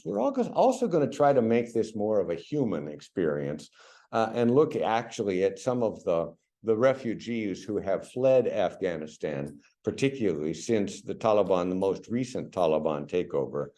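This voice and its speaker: A man's voice: on the low side, mellow. A middle-aged American man giving a chatty public lecture as a university professor, coaching the audience on pronunciation. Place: lecture venue.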